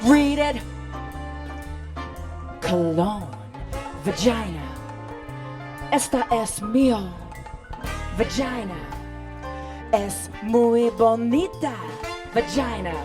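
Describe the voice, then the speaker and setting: Woman doing a slow spoken word chant, call and response, music playing behind her. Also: animated. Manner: rhythmic call-and-response, swinging between sung highs and murmured lows. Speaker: performer.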